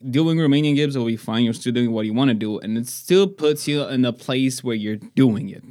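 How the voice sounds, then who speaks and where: A man's voice: medium pitch, brisk, warm tone, no room sound, studio quality. A man co-hosting a casual podcast, encouraging and matter-of-fact. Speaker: podcast co-host. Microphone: podcast microphone.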